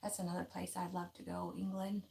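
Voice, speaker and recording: A woman's voice: fairly low pitch, level tone, a little fast, vocal fry, warm tone. Folksy woman, craft vlogger, easygoing live-stream chatter with frequent laughs. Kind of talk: casual live-stream chat, reading viewer comments.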